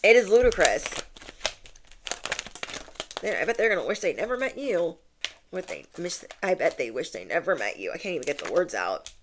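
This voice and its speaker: A woman's voice: on the low side, very animated, normal speed, long pauses, noisy background. A young woman giving a casual spiritual tarot reading and talking to viewers in a chatty, emphatic way. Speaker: tarot reader.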